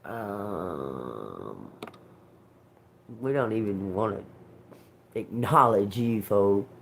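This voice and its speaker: Animated storytelling woman with a lively pitch. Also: measured pace, a little hiss or hum. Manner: animated, swears freely, laughs often. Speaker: tarot reader livestream host. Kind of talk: casual storytelling livestream.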